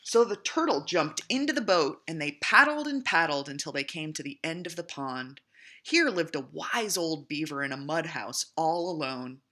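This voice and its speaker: A young woman reading a children's picture book aloud as a storytime reader, in an expressive, sing-song storytelling manner. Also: low-pitched, moderate pace. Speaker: storytime reader for a parks department.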